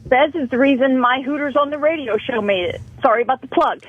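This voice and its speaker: A woman caller on a talk radio show, her voice pitched high and sounding dry and close. She scolds and pleads with real passion, pressing her point without letting up. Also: quick pace, no echo, phone-quality sound. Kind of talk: heated call-in confrontation.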